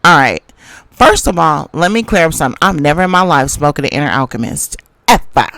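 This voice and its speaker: A woman host defends herself in a measured, insistent voice and keeps pushing for order, as a woman puts her on. Her pitch moves widely. The recording is close and dry. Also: lively intonation, gravelly, fairly bright tone, no echo, full character voice. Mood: defensive. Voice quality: measured, insistent, appeals to decency. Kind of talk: reenactment of a heated livestream argument.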